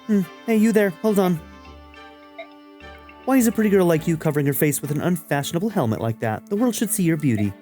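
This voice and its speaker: A vain, grandiose city lady from a fantasy game, performed by a man reading along. She talks high and haughty, with a mellow tone and faint game music in the background. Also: expressive, brisk, close to an everyday voice. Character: pompous elegant city woman, vain.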